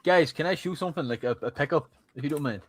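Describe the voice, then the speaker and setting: A man's voice: fairly high pitch, quick pace, dry recording. A man co-hosting a casual podcast who talks in a laid-back way and often says "aye". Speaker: podcast co-host. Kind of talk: casual banter.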